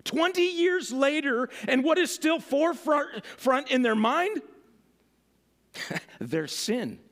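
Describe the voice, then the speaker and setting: A man's voice: very high voice, very animated, takes it slowly, a bit bright. A man preaching a sermon, reading scripture and then explaining it with emphatic rhetorical questions. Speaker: pastor.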